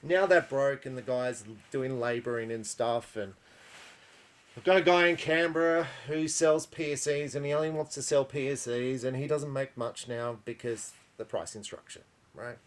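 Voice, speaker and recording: A man's voice: mid-range voice, normal speed. An older Australian man who runs an archery shop, talking to camera in a blunt, exasperated way, full of rhetorical questions and tag questions. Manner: blunt, exasperated, rhetorical, keeps asking "right?". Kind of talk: frustrated monologue to camera.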